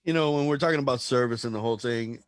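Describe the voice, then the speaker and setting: A man's voice: mid-range voice, racing, no room sound, clean studio sound. A man in a casual podcast chat, ranting and telling a story with lots of swearing and animation.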